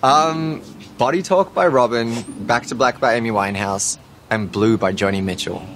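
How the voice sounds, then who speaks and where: An Australian in his twenties, this young man answers an interviewer's questions outside a home at a moderate pace. His voice is mid-range, his manner easygoing, teasing and self-mocking, and slight background noise is audible.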